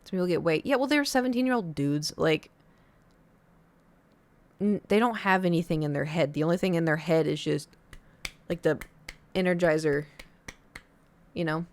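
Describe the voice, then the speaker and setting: A young woman streamer casually telling a story to her chat, acting out other people's lines in a high voice. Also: moderate pace, pauses often.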